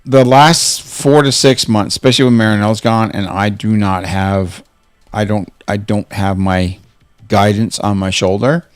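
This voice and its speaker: A man's voice: lowish voice, steady tone, measured pace, clear, resonant tone, soft background music. Man ranting with heavy swearing. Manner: profane, agitated ranting. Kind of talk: casual chat.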